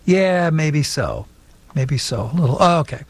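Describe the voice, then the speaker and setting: A man hosting a radio call-in show, reading emails and wrapping up with a friendly, brisk announcer delivery. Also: on the high side, big pitch swings.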